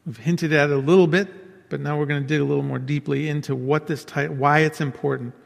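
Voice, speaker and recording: A man's voice: a little high, steady tone, fairly quick, gravelly. A man preaching a sermon in an earnest way, repeating key phrases for emphasis. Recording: long hall reverb.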